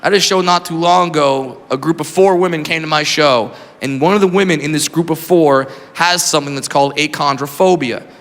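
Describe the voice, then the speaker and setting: Man, stand-up comedian, high voice, animated storytelling, long reverb of a big room, audience laughter. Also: brisk, hardly any pauses. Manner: animated storytelling, shouting punchlines, shrill mock voices. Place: comedy club stage before a live audience. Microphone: handheld stage microphone. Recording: live stage recording, long hall reverb, crowd noise.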